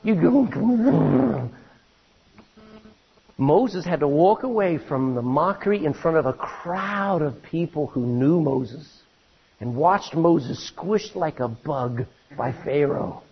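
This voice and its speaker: A man preaching a sermon, reading scripture aloud and swinging between loud emphasis and hushed asides. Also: on the high side, lively intonation, slow pace, breathy edge, muffled recording.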